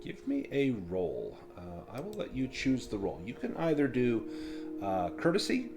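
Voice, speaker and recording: A man narrating as game master of a tabletop role-playing game, in a casual, halting way with frequent fillers. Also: medium pitch, wildly swooping pitch, a little mellow, soft background music.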